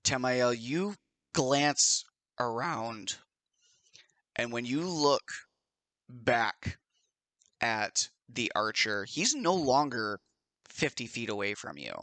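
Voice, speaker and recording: A man narrating a tabletop game as game master, in slow, lively storytelling with the odd shouted character line. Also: mid-range voice, no room sound.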